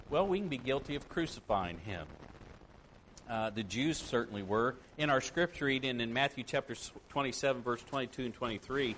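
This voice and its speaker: A man's voice: medium pitch, a bit bright, a little hiss or hum. Earnest male preacher reading scripture. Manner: earnest, reads scripture aloud with rising emphasis. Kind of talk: sermon.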